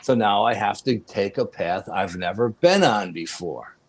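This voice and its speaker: A man as a podcast guest, telling a personal story in a casual, animated way. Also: fairly low pitch, unhurried, slightly rough. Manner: animated, profanity, laughs while telling.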